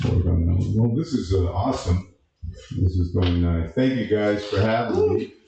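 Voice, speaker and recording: A man doing an open-mic stand-up set, halting with lots of uh and restarts. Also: low voice, vocal fry, dark tone, recorded from a distance, dull audio, slight background noise. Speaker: stand-up comedian. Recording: echoey room from a live mic.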